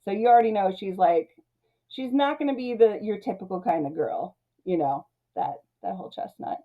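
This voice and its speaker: A woman's voice: mid-range voice, expressive, normal speed, muffled recording. Chatty woman recapping a movie. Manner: chatty, laughs often, many "like" and "you know". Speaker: movie review host.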